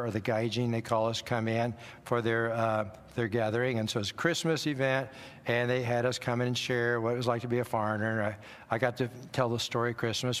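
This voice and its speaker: An older man speaking from a church platform, telling wry, self-deprecating missionary stories in a relaxed, anecdotal way. His voice sits at an ordinary middle pitch. It rings out with a long hall echo. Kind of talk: church talk with personal stories. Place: church sanctuary.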